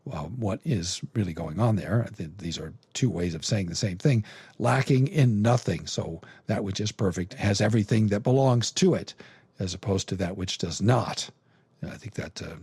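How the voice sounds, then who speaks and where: Male podcast host teaching scripture, mellow and raspy, dry close sound, measured delivery with frequent restarts. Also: fairly low pitch, no echo. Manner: measured, halting, lots of fillers and restarts.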